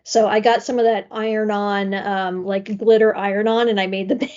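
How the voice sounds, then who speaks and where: A woman's voice: medium pitch, steady tone, moderate pace, few pauses, a little mellow. A woman chatting casually on a podcast in a chatty, self-mocking way. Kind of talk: casual chat. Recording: dull lo-fi sound.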